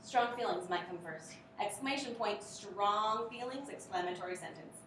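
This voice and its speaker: A woman's voice: medium pitch, moderate pace, a bit bright, slight background noise. A woman training teachers in a workshop lesson, upbeat and drilling rhythmic grammar chants. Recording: very echoey room, mic far off.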